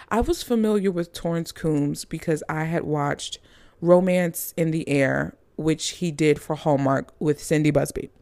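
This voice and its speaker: A woman's voice: low-pitched, a little mellow, no room sound. A woman reviewing movies in a casual, chatty, gushing manner with playful asides.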